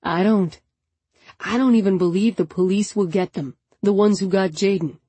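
A woman reading an audiobook and voicing a grieving young man whose voice is thick and hoarse. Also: medium pitch, normal speed, mellow, no echo, natural voice. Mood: despairing. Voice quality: thick, husky voice. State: hoarse, choked with grief.

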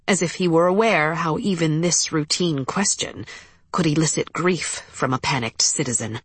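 A woman reads a historical novel aloud in an expressive storytelling voice. Her tone is husky and slightly low, with lively, shifting intonation. The recording is dry and close. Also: a little slow, no room sound. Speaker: narrator. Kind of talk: audiobook narration.

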